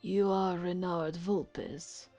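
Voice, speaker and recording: Woman doing a low, dark-voiced falcon lawyer. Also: fairly even intonation, drawn-out words, soft background music. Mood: firm. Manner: formal, commanding, legalistic. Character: stern male falcon defense attorney.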